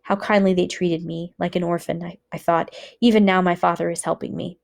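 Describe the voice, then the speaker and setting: Woman reading a book aloud, lowish voice. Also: flat delivery, gravelly, a little mellow. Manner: measured, earnest reading.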